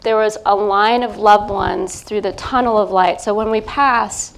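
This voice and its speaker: A middle-aged woman, a psychic medium, gives a gentle, hesitant live reading before an audience, pausing often as she feels her way. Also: medium pitch, steady tone, slight background noise. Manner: gentle, hesitant, feeling her way with many pauses. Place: event talk in front of a live crowd.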